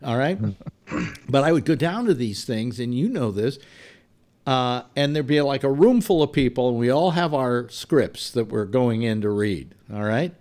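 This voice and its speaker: A man hosting a casual panel chat, telling lively stories and laughing often. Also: medium pitch, unhurried. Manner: animated storyteller, laughs often. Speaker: host.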